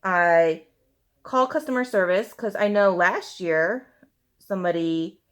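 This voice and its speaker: Woman venting while doing her makeup. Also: lowish voice. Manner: animated venting, heavy use of fillers like "you know" and "like"; talks while applying makeup. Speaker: beauty vlogger. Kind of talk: casual ranting get-ready-with-me chat.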